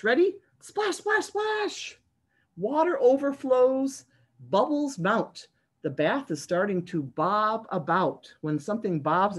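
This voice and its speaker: A female children's librarian, speaking in a mid-range voice, performs a picture book for young listeners on a video call. She's lively and sing-song, breaking off now and then to put questions to the children.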